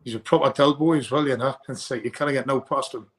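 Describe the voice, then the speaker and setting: Rambling fighter. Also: male voice, medium pitch, fairly even intonation, fast. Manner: rambling, repeats words when starting sentences. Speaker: bare-knuckle fighter guest. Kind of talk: casual interview chat.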